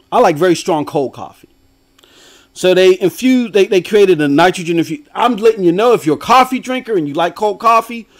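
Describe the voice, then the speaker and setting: Brief: middle-aged male stream host, high and very lively voice, animated, slangy, laughs often. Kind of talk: casual livestream commentary.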